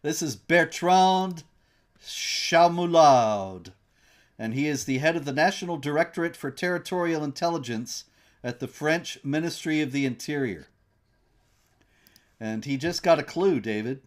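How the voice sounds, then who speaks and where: A man's voice: on the high side, animated. Sardonic man hosting a political chat. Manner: conversational, sardonic, halting restarts. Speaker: host.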